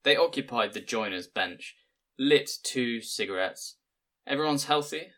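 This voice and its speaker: A man narrating an audiobook in a measured, plain storytelling manner. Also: on the low side, pushed and bright.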